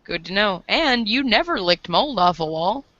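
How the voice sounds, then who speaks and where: A man's voice: high voice, sing-song, normal speed, bright, forceful tone, no echo. A man playing in a tabletop game, teasing the others with dry jokes. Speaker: player. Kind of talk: casual tabletop play. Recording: dull lo-fi recording.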